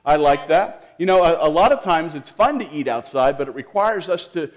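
A man leading a children's sermon as pastor in a church, gentle and lively, asking the kids questions with frequent restarts. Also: fairly high pitch, moderate pace. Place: church sanctuary.

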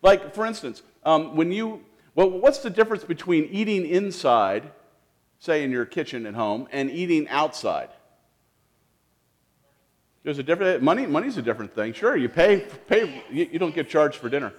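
A man leading a children's sermon as pastor in a church, gentle and lively, asking the kids questions with frequent restarts. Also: on the high side, normal speed. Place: church sanctuary.

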